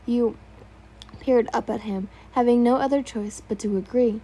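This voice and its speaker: A woman's voice: fairly high pitch, fairly even intonation, a little slow, mellow, slightly rough, poor audio. Woman reading a story aloud, stumbling. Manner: stumbles on words and comments on typos. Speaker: story reader. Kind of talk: reading fan fiction aloud.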